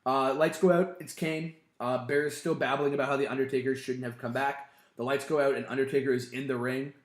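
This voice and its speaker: A man co-hosting a podcast, recapping in casual chat, animated and swearing freely. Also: medium pitch, brisk. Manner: animated, swears freely, acts out quotes in loud bursts. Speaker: podcast co-host. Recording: roomy echo.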